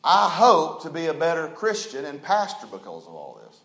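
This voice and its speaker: A man preaches from the pulpit in a high, ringing voice. He builds to loud, drawn-out emphatic phrases. The sound carries the echo of a roomy church. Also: huge pitch swings. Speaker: pastor. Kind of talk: sermon.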